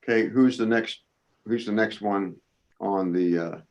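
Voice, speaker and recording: A man's voice: on the low side, unhurried, darkish tone. A man chairing an online committee meeting over a video call, informal and joking, now and then unsure how to run it.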